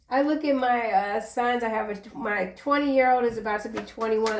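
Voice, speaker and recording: A woman's voice: fairly high pitch, normal speed, hardly any pauses, far from the mic, slight background noise. Chatty woman tarot reader, roomy echo. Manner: chatty, earnest, encouraging, drifts into personal asides. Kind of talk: casual tarot reading monologue.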